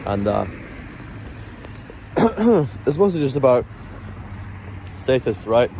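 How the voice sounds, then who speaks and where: A man's voice: medium pitch, very animated, takes it slowly, gravelly, dark tone, a little hiss or hum. A man talking casually to camera as a travel vlogger on a city street at night, rambling and explaining with lots of restarts.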